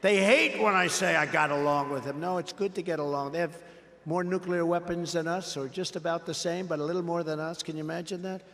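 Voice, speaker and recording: At a large rally venue, an older politician speaks a little fast in a fairly bright, high-leaning voice with fairly even intonation. His speech is repetitive and boastful, he acts out conversations with others, and long hall reverb trails his words.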